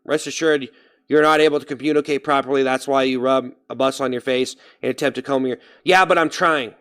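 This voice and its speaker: Young guy on a stream, smooth voice, rambly, thinking out loud. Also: medium pitch, fairly even intonation, quick pace. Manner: rambling, thinks aloud about his own speaking voice. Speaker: live streamer. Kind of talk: casual livestream chat.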